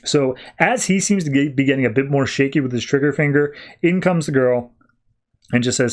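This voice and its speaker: Man recapping comics casually. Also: mid-range voice. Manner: animated, slips into quick character voices while retelling. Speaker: podcast host.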